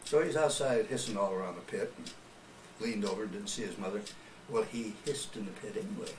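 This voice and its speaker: Older man, low voice, ex-radio storyteller, distant mic in a roomy space, hiss behind. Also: brisk, darkish tone. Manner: folksy storyteller, chuckles often. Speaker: retired radio personality. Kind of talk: oral history interview.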